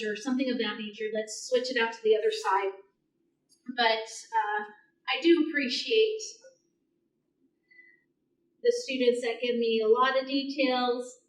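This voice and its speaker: A woman's voice: a little high, far from the mic. A woman fitness instructor cueing a floor workout, counting reps aloud and shushing through breaths. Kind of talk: guided exercise class cues. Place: exercise room, instructor on the floor mat. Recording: echoey room, voice off-mic.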